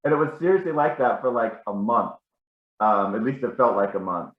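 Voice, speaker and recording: A man's voice: fairly low pitch, expressive, fairly quick, reverberant, lo-fi sound. A man telling rambling, self-correcting stories about a family member at a casual gathering. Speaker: family member sharing memories.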